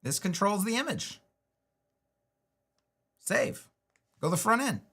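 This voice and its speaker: This web design streamer has a high, husky voice with a sharp tone, speaking slowly in a sing-song way. He talks through his work live, rambling loosely, restarting frequently and joking to himself.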